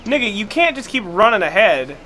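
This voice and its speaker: A high-pitched man bantering over a co-op game stream, cursing and yelling at his teammates. His voice leaps up and down, and loud noise runs under the whole recording. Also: big pitch swings, a little fast. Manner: loud, profane, shouting in bursts. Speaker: streamer playing with friends. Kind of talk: casual gaming banter.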